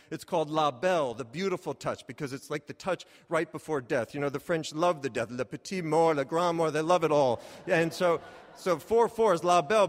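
Animated man telling a comic story. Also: fairly high pitch. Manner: animated, self-mocking, bursts into loud exclamations. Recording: reverberant hall.

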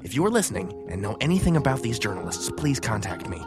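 A man voicing a grave male researcher, giving a scripted dramatic narration in a measured, solemn way. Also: mid-range voice, very animated. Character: Doctor Bill Farber, grave male researcher presenting found tapes. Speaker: narrator of a recorded intro. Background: music.

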